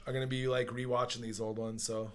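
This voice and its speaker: A man's voice: mid-range voice, flat delivery, fast, smooth. A man in his forties, a podcast guest, chatting casually and laid-back with lots of swearing. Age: 40s. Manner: laid-back, swears often, laughs easily. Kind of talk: casual chat.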